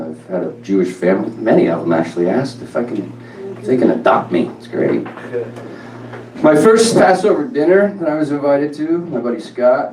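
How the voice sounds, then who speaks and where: A middle-aged man performs stand-up, his pitch jumping all over as he tells a joke. He is heard from a distant mic in a roomy club, with a crowd clearly audible. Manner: animated, jokey, quick asides. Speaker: stand-up comedian. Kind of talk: stand-up set. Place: comedy club stage.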